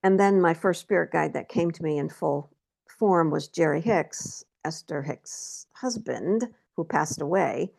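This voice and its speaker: A woman talking candidly in a casual conversation, telling stories about her life and getting animated when she acts out her own reactions. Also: low-pitched, measured pace, gravelly, slightly rough. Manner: candid storytelling, animated when quoting herself. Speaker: guest.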